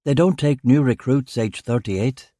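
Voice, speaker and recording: Tired thirties detective, mellow and dry, close audiobook read, as the narrator voices him. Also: male voice, medium pitch, measured pace, dry recording, lightly acted. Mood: weary. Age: 30s. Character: weary male detective inspector in his late thirties.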